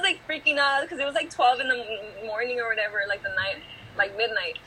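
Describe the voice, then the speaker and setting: Fast-talking bright teen girl host. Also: a little high, a little hiss or hum, rough recording. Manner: rambling, filler-heavy storytelling full of "like". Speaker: podcast host. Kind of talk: casual chat, storytelling.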